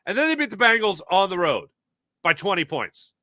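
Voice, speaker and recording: A man talking sports on his own show, his voice bright and forceful with a lively, swinging pitch. He speaks emphatically, tells stories with quick asides and answers live chat. The sound is close and dry. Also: no echo. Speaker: sports talk show host. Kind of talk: casual sports talk, reading live chat.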